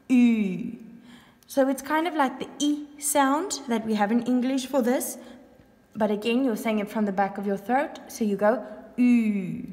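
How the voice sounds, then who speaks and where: A woman's voice: mid-range voice, a little mellow, in a large hall. A woman teacher, patiently demonstrating and repeating sounds in a recorded lesson.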